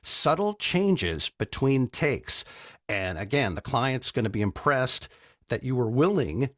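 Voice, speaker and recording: A man who works as a voice actor and coach, giving a relaxed, conversational voiceover lesson with casual asides to the listener. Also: medium pitch, slow, no echo, clean studio sound. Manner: relaxed, conversational teaching with frequent "right?" asides.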